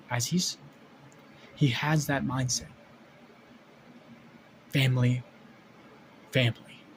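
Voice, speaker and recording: Speaking in a mid-pitched voice, a man improvises a story about a fan, rambling, restarting sentences and swearing casually. The audio is poor, with a faint hiss of ambient noise underneath.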